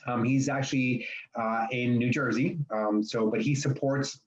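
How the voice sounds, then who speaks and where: A man's voice: mid-range voice, steady tone, unhurried. Male panelist, bank manager, conversational storyteller, echoey lo-fi video call. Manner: conversational, many restarts and fillers. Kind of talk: webinar roundtable storytelling.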